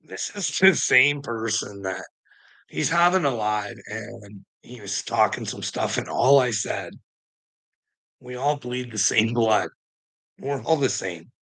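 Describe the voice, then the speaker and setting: Gravelly, profane ranting man. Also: lowish voice, slow pace, sharp tone, low-quality recording. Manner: blunt, indignant, heavy swearing. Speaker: vlogger.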